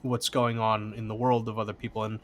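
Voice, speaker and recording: A man's voice: fairly low pitch, level tone, a little fast, a bit bright, a little hiss or hum. A man speaking as a podcast guest in casual chat, rambling with frequent fillers. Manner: rambling, heavy use of "like".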